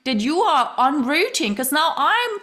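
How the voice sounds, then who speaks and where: A woman's voice: high voice, big pitch swings, measured pace, pushed and bright. A woman hosting a podcast interview, chatting in a bubbly way and laughing often. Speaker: podcast host. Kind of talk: casual interview chat.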